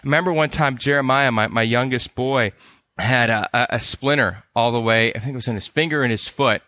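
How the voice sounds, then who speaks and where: A man's voice: medium pitch, brisk, sharp tone, dry recording. Earnest man teaching in a dry close sound. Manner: earnest and conversational, with frequent restarts and repeated phrases. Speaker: ministry care trainer. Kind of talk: teaching talk.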